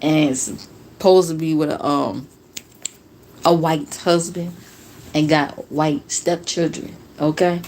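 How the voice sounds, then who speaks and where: A woman's voice: low voice, fairly even intonation, slow pace, pauses often, a little mellow, a little hiss or hum. A woman from New Jersey hosting a casual reaction livestream, talking to viewers in a sarcastic, profane way.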